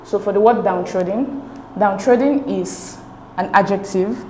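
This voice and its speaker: A woman's voice: mid-range voice, unhurried, a little mellow. Patient woman tutor in an echoey room. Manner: patient, step-by-step, checks with "okay?". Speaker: English exam tutor. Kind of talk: explaining exam answers. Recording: echoey room with faint noise.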